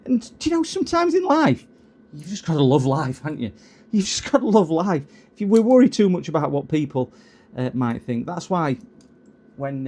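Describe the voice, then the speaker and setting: Rambling, mellow-voiced man. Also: medium pitch. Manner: rambling, chatty, easily sidetracked. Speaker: streamer repairing electronics. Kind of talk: casual chat while soldering.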